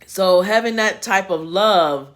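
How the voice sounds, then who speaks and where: A woman's voice: medium pitch, slow. A woman hosting a casual spiritual chat from home, folksy and chatty with laughing asides. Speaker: host. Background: home repair noise.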